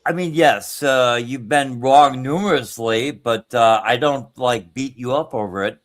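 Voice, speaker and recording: A man hosting a live stream, speaking hesitantly with many "uh"s, calmly pushing back on a guest. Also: mid-range voice, a little slow. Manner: hesitant, full of "uh", calm reproach. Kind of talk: casual chat.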